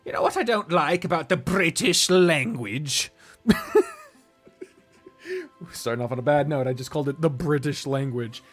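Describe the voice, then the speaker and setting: A man's voice: a little high, moderate pace, pauses often, a bit bright, soft background music. A man streaming a strategy game, chatting casually, ranting, swearing and laughing a lot. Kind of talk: casual gaming livestream commentary.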